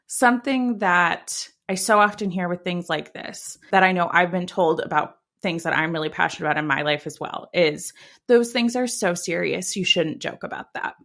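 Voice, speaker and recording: A woman's voice: lowish voice, moderate pace, vocal fry, a bit bright. A woman hosting a podcast, asking thoughtful questions and affirming her guest. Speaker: podcast host. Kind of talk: casual podcast interview.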